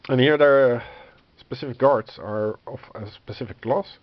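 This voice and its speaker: A man's voice: medium pitch, normal speed, no room sound. A man losing his voice who coughs often, thinking aloud as he reads through a rulebook, hesitant and full of fillers, wryly exasperated. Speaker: board game reviewer. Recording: dull lo-fi sound with faint noise.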